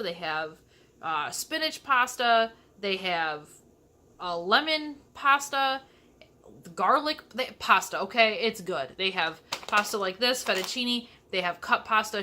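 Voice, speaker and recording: A woman's voice: mid-range voice, lively intonation, unhurried, pushed and bright, a little hiss or hum. A young woman from Michigan chatting casually through a cooking vlog in her home kitchen, with sassy asides. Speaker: vlogger.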